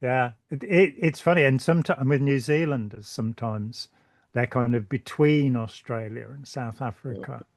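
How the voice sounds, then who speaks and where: A British man hosts a relaxed conversation, wandering from point to point with wry jokes and false starts. His voice sounds a little worn by the end. The sound is dry and close. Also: medium pitch, normal speed, no echo. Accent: British English. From Britain. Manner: rambling, joking, stumbles and repeats words. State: voice tiring. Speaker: channel host. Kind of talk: casual conversation.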